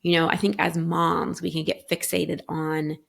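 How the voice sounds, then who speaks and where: Woman, middle-aged, low voice, gravelly, earnest, many fillers. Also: level tone, moderate pace. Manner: earnest, thinks aloud with frequent fillers. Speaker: guest coach. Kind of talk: reflective podcast conversation.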